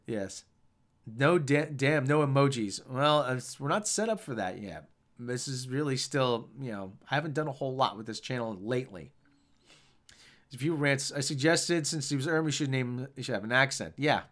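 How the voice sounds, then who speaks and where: Man, live stream host, loose rambling chat, reads viewer comments aloud, lively up-and-down pitch. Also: normal speed.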